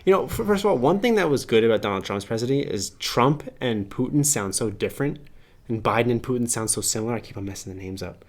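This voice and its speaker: A man co-hosting a casual political podcast, joking around with loose, filler-filled talk. His voice sits at a middling pitch for a man, with an everyday tone. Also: lively intonation, fast talker. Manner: conversational, joking, many fillers. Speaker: podcast co-host.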